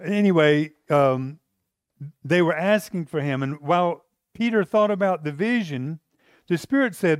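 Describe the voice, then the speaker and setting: A man preaches in a relaxed, conversational style, stumbling into restarts and slipping into the voices of the people in his story. His voice sits a little high for a man. The recording is dry and close, with no room echo. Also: a little slow, smooth. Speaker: pastor. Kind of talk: sermon.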